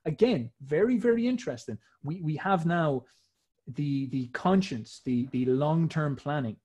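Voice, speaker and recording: A man's voice: on the high side, expressive, a little slow, darkish tone, breathy edge. A man talking casually and emphatically, explaining old myths in slangy, swearing speech.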